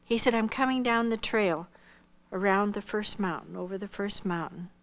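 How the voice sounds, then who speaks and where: An older woman giving a personal missionary testimony, earnestly telling her story and acting out remembered dialogue, dropping to a hush at tender moments. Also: medium pitch, moderate pace, slight background noise.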